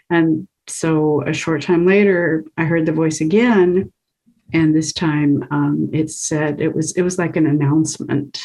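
A woman's voice: sits low, warm tone, husky, low-quality recording. A woman guest on an interview, earnestly recounting a personal experience and laughing often as she talks. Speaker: guest, author of a book. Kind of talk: casual interview storytelling.

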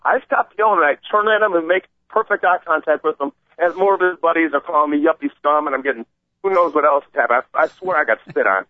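A man calling in to a radio show and telling an animated, rambling story, acting out the voices of the people in it. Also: a little high, quick pace, dry recording. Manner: excited, acts out quoted voices, rambling. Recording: tinny phone line, dry.

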